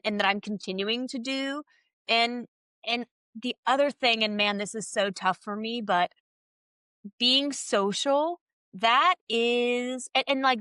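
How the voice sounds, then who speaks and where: Bright-voiced woman in her thirties. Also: on the high side, dry recording, clean studio sound. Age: 30s. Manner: open and emphatic, animated with swearing. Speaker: podcast guest. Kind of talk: candid interview conversation.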